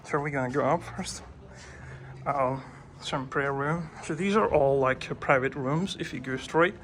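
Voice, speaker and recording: A man's voice: medium pitch, measured pace, a bit bright, slight background noise. A man narrating a casual walking tour vlog, talking to viewers with many hesitant fillers, recorded on a handheld phone. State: breathing heavily while climbing. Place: old fort, indoors and out.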